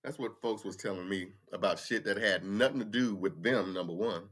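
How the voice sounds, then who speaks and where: A man's voice: fairly low pitch, fairly quick, a bit bright. A man, hosting a casual livestream chat, ranting bluntly with profanity. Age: 50s. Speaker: livestream host. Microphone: computer mic for a livestream.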